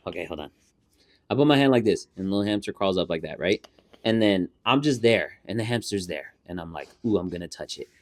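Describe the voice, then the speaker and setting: A young man co-hosting a casual podcast, telling stories with lots of swearing and acting out every scene, holding a handheld mic. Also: fairly low pitch. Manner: animated storyteller, swears a lot, acts out scenes. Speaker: podcast co-host.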